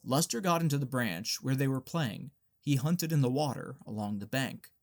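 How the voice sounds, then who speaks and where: A man reading a novel aloud as an audiobook narrator, in a plain, even storytelling manner. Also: mid-range voice, normal speed, gravelly. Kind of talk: scripted narration.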